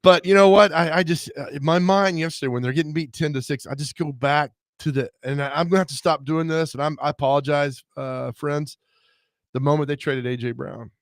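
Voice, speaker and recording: A man co-hosting a sports radio show, excitable and firing off questions in casual chat. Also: fairly high pitch, no room sound, clean studio sound. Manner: excitable, quick questions, laughs loudly.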